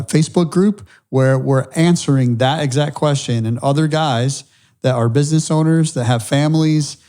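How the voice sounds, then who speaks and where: A man's voice: mid-range voice, mellow. A middle-aged man co-hosting a faith-based podcast, speaking reflectively and earnestly, often restarting his sentences. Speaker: podcast co-host.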